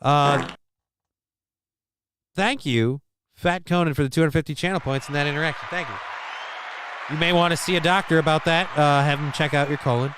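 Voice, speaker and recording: A man's voice: a little high, moderate pace, long pauses, a bit bright, a faint crowd, slight background noise. A man hosting a live stream, reading news and chat comments aloud with crude jokes. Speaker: show host.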